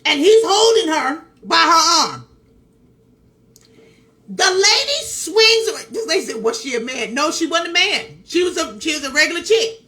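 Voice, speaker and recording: In an extremely high, sing-song voice that is bright and forceful, a woman vlogger unhurriedly tells a story as casual commentary. She speaks emphatically, repeats phrases, and turns to her viewers with direct asides.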